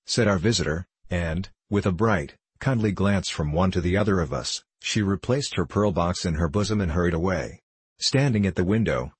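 A man narrating an audiobook in a steady, unhurried storytelling manner. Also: low-pitched, slightly rough, dry recording. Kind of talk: scripted narration.

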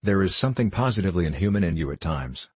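A man's voice: sits low, expressive, fast, breathy edge, dry recording. A man reading the part of an earnest, impulsive young army doctor, speaking emphatically.

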